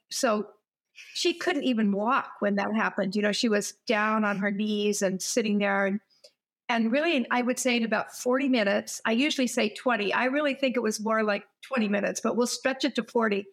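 A woman's voice: fairly high pitch, moderate pace. An older woman hosting an interview, telling stories in an enthusiastic, conversational way. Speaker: host.

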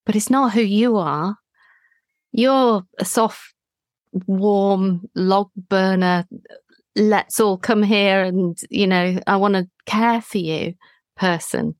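Woman, calm healer talking slow and reassuring, dry close sound. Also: medium pitch, no room sound. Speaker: healing practitioner, podcast host. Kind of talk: gentle therapeutic conversation.

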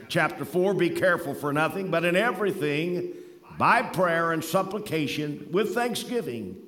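A man's voice: on the high side, fairly bright tone, big-room sound. A man preaching a sermon, quoting scripture in old-fashioned wording and telling folksy stories with rising emphasis. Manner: preaching with scripture quotations in King James wording.

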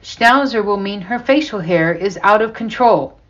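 A woman's voice: medium pitch, lively intonation, normal speed, close to an everyday voice. A woman voicing a nervous middle-aged husband weighing his words, on a dull lo-fi recording. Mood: anxious. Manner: fretful inner monologue.

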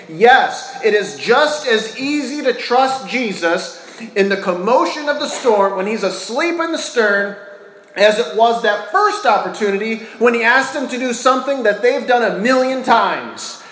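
A man preaching a sermon to a congregation, asking them questions and swinging between loud and hushed delivery. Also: very high-pitched, lively intonation, a little slow, a little hiss or hum. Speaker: pastor. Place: church hall with a congregation. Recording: echoey church room.

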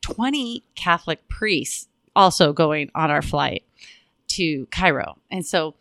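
A woman's voice: low voice, animated, slow, vocal fry, fairly bright tone, no room sound, studio quality. A woman who works as a flight attendant, co-hosting a podcast and telling a travel story in casual chat. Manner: chatty storyteller.

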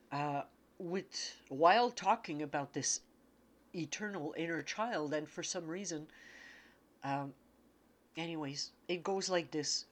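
Tearful woman spiritual speaker, low voice, unhurried and halting, emotional, repeats herself. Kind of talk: unscripted spiritual talk.

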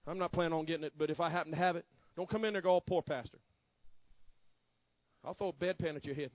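A male pastor preaching a fiery sermon, swinging between hushed asides and shouted declarations. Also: fairly high pitch, fairly even intonation, racing, no room sound, highs cut off.

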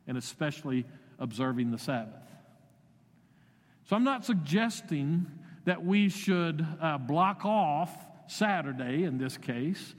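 A man preaching a sermon as pastor, conversational, with wry asides and shifting emphasis. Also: on the high side. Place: church sanctuary. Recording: long reverb of a church sanctuary.

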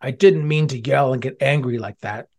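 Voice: medium pitch, moderate pace, darkish tone, close to an everyday voice. A reader voicing a young T-Rex who gets frustrated easily, in a storybook read-aloud with a childlike manner. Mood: sorry. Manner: childlike, whiny when upset.

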